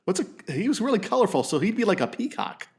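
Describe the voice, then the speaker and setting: A man hosting a podcast in casual chat, jokey and animated, swearing freely. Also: high-pitched, quick pace, breathy edge. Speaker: podcast host.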